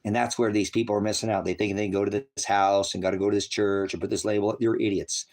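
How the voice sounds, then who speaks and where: A man's voice: level tone, fast, darkish tone. A man preaching on a livestream, profane and mocking, reads out viewer comments and argues with them. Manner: mocks others in shrill put-on voices. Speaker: online preacher. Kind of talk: livestream preaching, reading chat.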